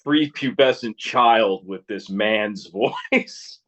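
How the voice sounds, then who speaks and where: Brief: man, 30s, very low voice, loose rambling storyteller who cusses, slightly muffled lo-fi sound. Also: lively intonation, takes it slowly, fairly bright tone. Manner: rambling storyteller, swears freely, laughs often. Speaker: interview guest, musician. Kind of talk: casual interview chat.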